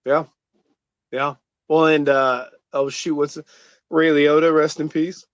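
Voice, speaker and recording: A man's voice: a little high, level tone, measured pace, no echo, lo-fi sound. A man co-hosting a casual movie commentary chat, rambling with lots of fillers. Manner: rambling, lots of likes and uhs. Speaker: podcast co-host.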